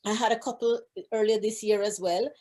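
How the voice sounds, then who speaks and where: A woman's voice: medium pitch, fairly even intonation, fairly quick, dark tone. Chatty woman guest on a radio show. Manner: chatty, frequent fillers and restarts. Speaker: recording artist, interview guest. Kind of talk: casual conversation.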